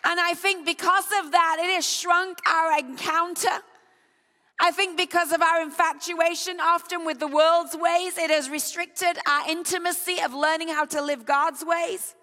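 A woman preacher delivering an impassioned sermon that builds to shouts, in a church hall. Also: extremely high pitch, steady tone, unhurried. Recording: long reverb of a large hall.

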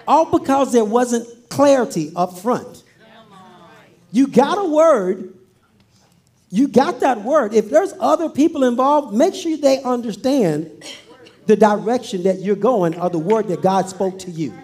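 A woman's voice: on the high side, animated, a little slow, dark tone. A woman pastor preaching a sermon, playfully acting out scripture with humor.

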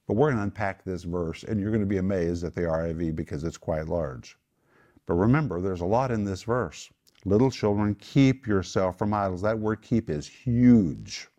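A man's voice: fairly low pitch, darkish tone. A man hosting and teaching a Bible study in a home group, stressing key words with emphasis.

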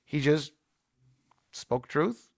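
A man with a gravelly, creaky edge to a mid-pitched voice tells a story on a talk show. He talks in eager, emphatic bursts and restarts his sentences, recorded dry and close. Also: lively intonation, very slow, no echo. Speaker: co-host.

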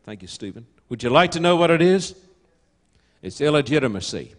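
A man's voice: a little high, very animated, fairly quick. An older man preaching a sermon to an audience, emphatic and full of rhetorical questions.

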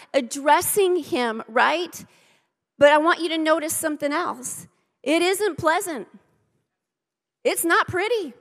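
A woman's voice: high-pitched, a bit bright. A woman pastor preaching a sermon, emphatic, repeating key phrases and speaking straight to her congregation. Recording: long reverb of a large hall.

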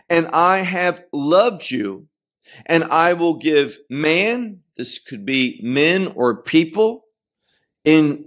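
A man's voice: on the high side, fairly bright tone. A man teaching verse by verse through scripture, stressing key phrases and repeating them as he explains. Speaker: Bible teacher. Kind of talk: expository Bible teaching.

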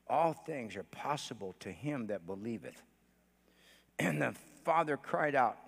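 A male pastor preaching a sermon, swinging between shouted declarations and hushed storytelling, with many "uh" fillers between phrases. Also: mid-range voice, lively intonation, unhurried, gravelly, husky. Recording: long church hall reverb.

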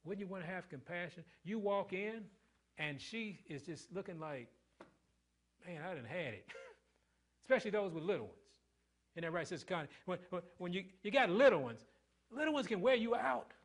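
A middle-aged male pastor preaching a sermon in call-and-response style, quizzing the congregation and swinging between loud emphasis and hushed lines. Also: sits high, brisk.

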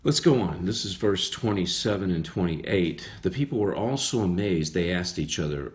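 A man's voice: low voice, animated, normal speed, hardly any pauses. A man giving a casual Bible study sermon, talking conversationally and repeating phrases for emphasis. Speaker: preacher.

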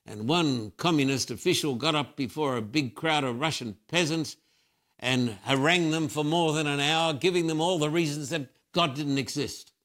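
Older guy preaching hard, repeats his lines, voice a bit high. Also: normal speed, fairly bright tone. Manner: emphatic preaching with repeated phrases. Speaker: Christian preacher. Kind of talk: fervent spiritual interview answers.

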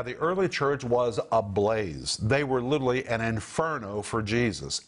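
A middle-aged man teaching a sermon on scripture, emphatic and preacherly, repeating his key phrases for weight. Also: medium pitch. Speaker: Bible teacher.

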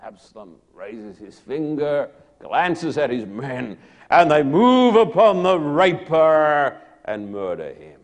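Slow, dramatic higher-voiced male preacher. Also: very animated. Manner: dramatic storytelling, swinging from hushed to loud. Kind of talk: sermon.

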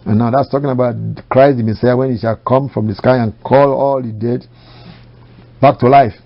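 A man preaching a sermon, emphatic, slowing down to quote scripture and rising on key phrases. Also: mid-range voice, steady tone. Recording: dull lo-fi recording.

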